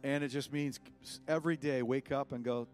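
A man preaching a sermon as pastor in a church, impassioned, swinging between loud cries and hushed words. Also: medium pitch, fairly even intonation, moderate pace, soft background music.

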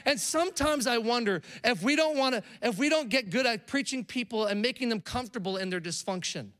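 A man who is a pastor, preaching an animated sermon to a live congregation and calling on them to respond. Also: very high voice. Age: adult with young children. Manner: animated, calls the crowd to respond. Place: church hall with a live congregation.

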